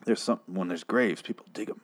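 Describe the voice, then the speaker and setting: A man with a hoarse, low-pitched voice reviews a TV episode at a brisk clip. His manner is casual and rambling, and he swears and restarts his sentences in exasperation.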